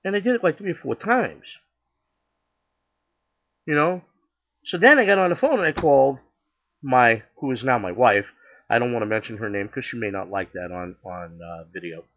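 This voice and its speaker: A man's voice: medium pitch, normal speed, long pauses, lo-fi sound. An older man casually telling his personal faith testimony, chatty and acting out the dialogue with many restarts. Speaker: storyteller sharing his testimony.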